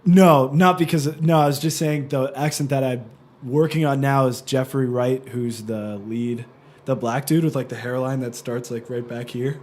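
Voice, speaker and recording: A man's voice: mid-range voice, fairly even intonation, normal speed, a little mellow, a little hiss or hum. A young man hosting a casual podcast chat with a friend, joking and teasing, and laughing often. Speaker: podcast host and actor.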